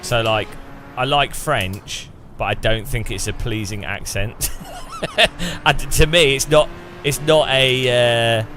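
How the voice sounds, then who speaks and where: An English man talks casually while he plays a racing game, wandering from thought to thought and often restarting mid-sentence. His voice sits at an ordinary middle pitch. A faint car engine hums underneath. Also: slow, fairly bright tone, a little hiss or hum. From England. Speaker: gaming streamer. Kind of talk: casual chat over racing gameplay.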